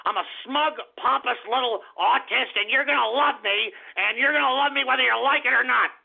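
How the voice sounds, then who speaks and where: A man putting on a smug, pompous young male pundit who lectures fast. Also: very high voice, vocal fry, husky, exaggerated voice. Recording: tinny phone-line radio audio.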